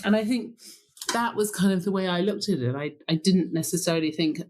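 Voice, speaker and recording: A middle-aged woman, a former sommelier, telling lively anecdotes in an interview, laughing often and acting out the lines she quotes. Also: fairly low pitch, brisk, slight background noise. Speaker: wine buyer and former sommelier. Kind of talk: storytelling interview chat.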